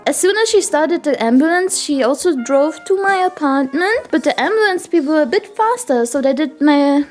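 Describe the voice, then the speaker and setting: Giggly very high-voiced young woman. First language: German. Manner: giggly, animated, breaks into laughter and sound effects. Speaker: streamer. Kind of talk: casual storytelling to stream chat.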